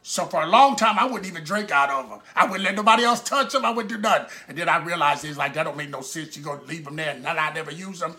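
A man's voice: a little high, fast talker, few pauses, sharp tone. A man preaching a sermon in a conversational storytelling way, acting out the people in his stories.

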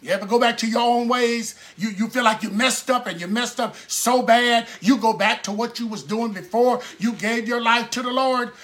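High, bright-voiced man preaching. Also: moderate pace, few pauses. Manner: conversational storytelling preaching; acts out the people in his stories. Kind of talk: sermon.

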